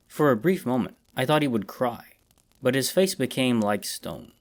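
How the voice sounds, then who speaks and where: A man reading a horror story aloud in a measured, dramatic narration. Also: mid-range voice, lively intonation.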